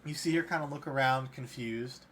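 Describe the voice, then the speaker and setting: A man narrates a tabletop game as its dungeon master in a medium-pitched voice. He talks loosely, stopping and restarting with fillers, over a faint noisy hiss. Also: moderate pace, a bit bright. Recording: faint background noise.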